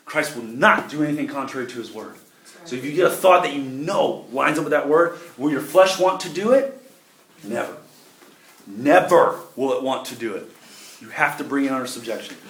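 A man's voice: medium pitch, moderate pace, fairly bright tone. A middle-aged man, preaching a sermon in a church with folksy, emphatic delivery and shifting volume. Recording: echoey room with faint noise.

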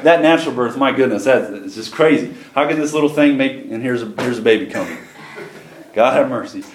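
A man's voice: medium pitch, fairly quick, reverberant, slight background noise. A man preaching a sermon, reading scripture aloud and driving his points home with rising emphasis.

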